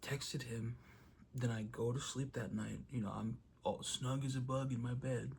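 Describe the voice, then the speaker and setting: A man's voice: medium pitch, steady tone, moderate pace, gravelly, slight background noise. A young man talking casually to camera in a motivational vlog, telling a story and acting out quotes. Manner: storytelling, acts out quotes loudly. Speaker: vlogger.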